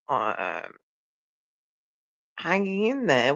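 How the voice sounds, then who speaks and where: A man's voice: fairly high pitch, measured pace, dry recording. Brief: weary bloke rambling at viewers, phone right up to his face, dull dry sound. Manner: rambling, sweary, talks straight to viewers. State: tired and yawning. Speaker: livestreamer. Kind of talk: casual live chat with viewers. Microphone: phone held very close.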